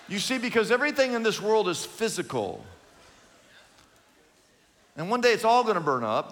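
Older pastor preaching dramatically. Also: male voice, fairly high pitch, in a large hall. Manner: emphatic, dramatic preaching with sudden swings in loudness. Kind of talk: sermon. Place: large church.

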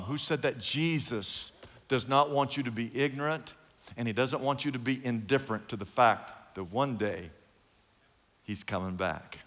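An older man, a pastor, giving an emphatic, dramatic sermon in a large church, swinging between loud and soft. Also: medium pitch, moderate pace, long reverb tail. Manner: emphatic, dramatic preaching with sudden swings in loudness.

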